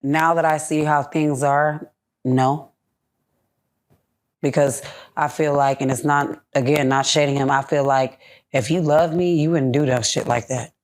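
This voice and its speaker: A young woman venting in a candid podcast interview, blunt and full of profanity. Her voice sits a little low for a woman. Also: steady tone, a little slow. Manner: blunt, profane, heated ranting. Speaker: podcast guest.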